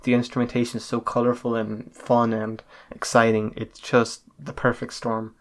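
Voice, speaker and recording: A man's voice: medium pitch, completely flat delivery, normal speed. A man co-hosting a casual podcast chat, gushing and swearing freely. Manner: enthusiastic, swears a lot. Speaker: podcast co-host.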